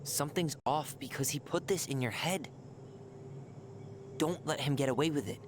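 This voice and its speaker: A man's voice: a little high, normal speed, noisy background, natural voice. An actor voicing a protective, hot-tempered young man in a video game, blunt and swearing. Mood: concerned.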